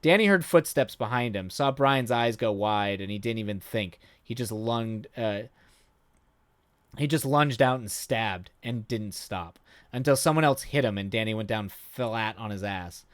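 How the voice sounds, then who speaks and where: A man streaming live, reading a story aloud and breaking off into excited, rambling commentary. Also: fairly low pitch, a little slow, no room sound. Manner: enthusiastic, rambling commentary with many fillers and restarts.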